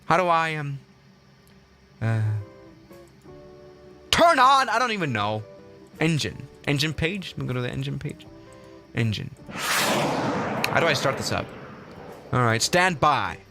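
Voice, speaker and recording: A man's voice: mid-range voice, pushed and bright. A man hosting a casual flight-sim livestream, chatty and rambling, with lots of fillers and restarts.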